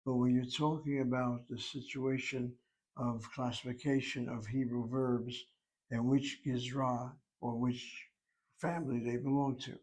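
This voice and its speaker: A man's voice: mid-range voice, level tone, a little slow, a little mellow, rough recording. A man teaching a Hebrew lesson, explaining words step by step and spelling some out letter by letter.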